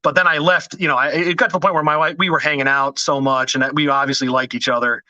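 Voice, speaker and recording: A man's voice: a little high, fairly even intonation, fast, sharp tone, no echo, highs cut off. A man hosting a casual podcast, telling self-deprecating stories with lots of jokes and laughter. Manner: self-deprecating, joking storyteller. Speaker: podcast host.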